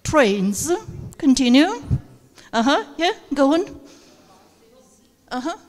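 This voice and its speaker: A woman's voice: high voice, expressive, a little slow, darkish tone. A woman with as her leading a live workshop for teachers, hesitant with many fillers and coaxing participants to take turns. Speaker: teacher trainer. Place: conference room with audience. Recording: reverberant hall recording.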